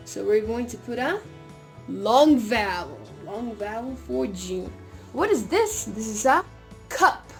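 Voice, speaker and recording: A woman's voice: a little high, lively intonation, echoey room, recorded from a distance. A woman teaching a kindergarten phonics lesson, drawing out sounds and gasping playfully, with faint music behind her. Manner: slow, drawn-out sounds with playful gasps, switching between English and Spanish. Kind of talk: bilingual phonics lesson for children.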